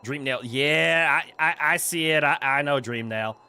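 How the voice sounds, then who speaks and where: While streaming a video game, a man chats casually and playfully with his viewers, goofing around and laughing quickly. His voice is on the high side, pushed and bright, with a clear, resonant tone.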